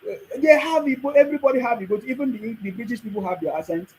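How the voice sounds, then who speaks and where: High-voiced emphatic Nigerian man. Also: expressive, rapid-fire, mellow, slight background noise, low-quality recording. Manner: emphatic, repetitive, preachy. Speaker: livestream host. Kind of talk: live commentary reading viewer comments.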